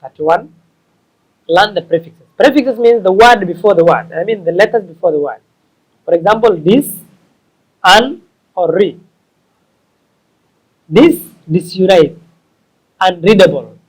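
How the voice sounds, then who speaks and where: Man, high voice, English lesson, repeats and corrects himself. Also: lively intonation, poor audio. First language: Somali. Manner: slow, repetitive, stops to correct himself. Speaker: English teacher. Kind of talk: explaining tips to learners.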